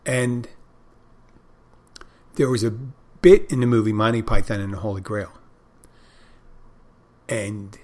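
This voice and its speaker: Low-voiced man rambling to his listeners. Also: takes it slowly, long pauses, a little mellow. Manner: meandering, self-correcting, loses his thread. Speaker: podcast host. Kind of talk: casual rambling monologue.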